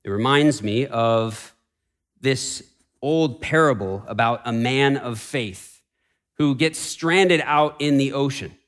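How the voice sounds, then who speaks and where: A man preaching a Sunday sermon in a church sanctuary, shifting between raised, urgent declarations and hushed, pleading passages. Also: mid-range voice, slow. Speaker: pastor.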